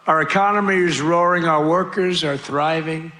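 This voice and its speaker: At a live rally in a large venue, a man gives a boastful, repetitive political speech with rambling asides. His voice is on the high side, with fairly even intonation and normal speed, while a cheering crowd and ambient noise fill the background.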